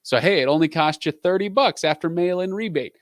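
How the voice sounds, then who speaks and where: A man's voice: a little high, fairly quick, no room sound, studio quality. A man in his thirties hosting a casual live stream, answering viewer questions in a rambling, chatty way with lots of fillers.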